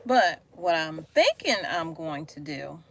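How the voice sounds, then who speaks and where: A woman's voice: low-pitched, sing-song, measured pace. A woman chatting to viewers on a live stream. She sounds tired and frustrated and talks loosely, first from her car and then inside a store, with her phone held up. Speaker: vlogger. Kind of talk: casual live-stream chat. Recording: phone recording with clear background noise.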